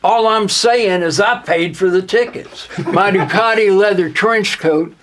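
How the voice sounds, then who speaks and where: Slow-drawling high-voiced young man. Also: a little hiss or hum. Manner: deadpan boastful non sequiturs, slow drawl. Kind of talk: absurd comedic rap-persona monologue.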